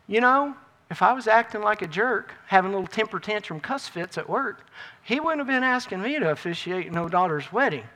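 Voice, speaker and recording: A middle-aged man preaching a folksy, emphatic sermon that swings between loud bursts and quiet asides. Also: high-pitched.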